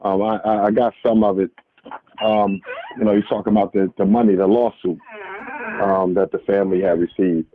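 A man's voice: fairly low pitch, fairly even intonation, normal speed, slight background noise. A man calling in to a radio show, speaking earnestly with a preachy manner and many restarts. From New York. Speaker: caller. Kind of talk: impassioned call-in commentary. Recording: tinny phone line.

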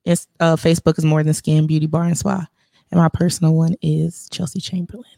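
A woman's voice: sits low, a little fast, gravelly, no echo, clean studio sound. A woman, a spa owner and esthetician, chatting casually as a guest and laughing often. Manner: laughs often, relaxed and encouraging. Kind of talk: casual interview chat.

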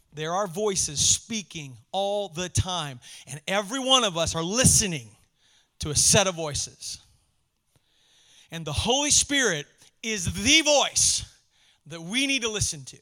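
Male pastor, high bright voice, preaches with casual warmth and sudden emphasis. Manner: passionate, conversational preaching, swings from soft to emphatic. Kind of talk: sermon.

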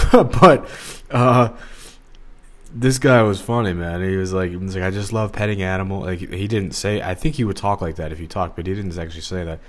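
Speaking at a moderate pace in a low voice, this man from the Los Angeles area hosts a podcast alone. His talk is casual and meandering, wandering off on tangents and full of fillers.

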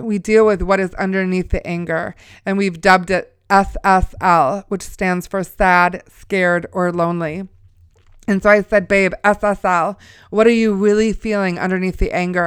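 Woman with a smooth resonant voice. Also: medium pitch, no echo, studio quality. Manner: conversational storytelling with preacher-like asides. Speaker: mother sharing a testimony. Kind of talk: spoken testimony.

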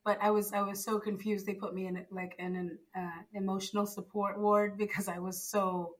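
A young woman from Zimbabwe, a podcast guest, telling her story in a casual, animated way and acting out the dialogue she quotes. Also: medium pitch, moderate pace, low-quality recording. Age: young adult.

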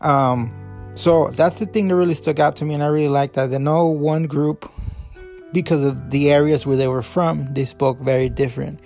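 A man's voice: on the high side, steady tone, normal speed, creaky, a little mellow, soft background music. A man hosting a podcast, giving a loose, rambling review full of fillers and restarts, a Spanish speaker. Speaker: podcast host. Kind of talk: casual review talk.

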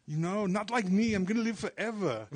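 A man's voice: a little high, very animated, unhurried, husky, dry recording, voice pushed down, exaggerated voice. A man doing a comedic impression of an aging bodybuilder action star, rambling and boastful with lots of "you know".

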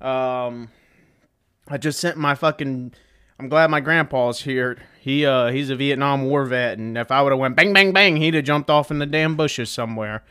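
A man's voice: medium pitch, normal speed, pushed and bright, clean tone. A young man hosting a casual solo podcast, rambling and joking with plenty of profanity. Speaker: podcast host. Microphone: desk setup with webcam.

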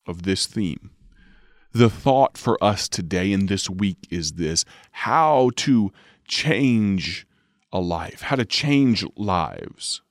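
A man, a radio preacher reading scripture and teaching in a slow, measured way, drawing out key words. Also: lowish voice, no room sound, clean studio sound.

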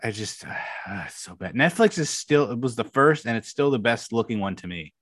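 A man's voice: medium pitch, expressive, a little fast, fairly bright tone, dry recording, clean studio sound. A man co-hosting a podcast, grumbling in an annoyed, sighing way during casual chat. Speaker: podcast co-host.

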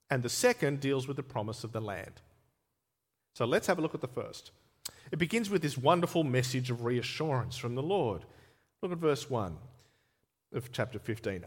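A man preaching a sermon, expressive, slowing down and getting emphatic when he voices scripture. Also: fairly high pitch. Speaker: pastor. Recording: long reverb of a church hall.

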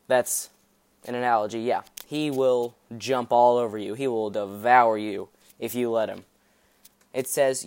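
A man's voice: mid-range voice, moderate pace, darkish tone, no room sound. A man hosting a Christian podcast, preaching in a chatty, rambling way with fillers and self-mocking asides. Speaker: podcast host. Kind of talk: casual podcast sermon.

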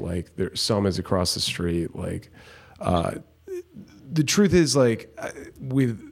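A young man hosting a casual chat, often affirming his guest and growing animated when he tells his own stories. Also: lowish voice.

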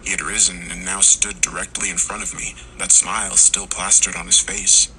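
A man reading a scripted horror story in slow, hushed tones, sometimes dropping to a whisper. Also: deep voice, level tone, creaky, a little hiss or hum, low-quality recording. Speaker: narrator.

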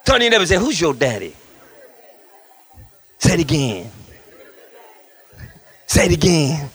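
Fifties pastor guy preaching, super animated, high bright voice, keeps acting stuff out. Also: a little slow, slightly rough, some chatter behind. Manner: animated, acts out voices and shouts for effect, laughs often. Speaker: guest pastor. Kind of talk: lively storytelling sermon.

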